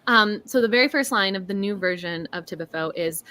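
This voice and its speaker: A woman hosting a casual writing stream over a video call, chatting, laughing often, and reading her own prose slowly and softly. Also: mid-range voice.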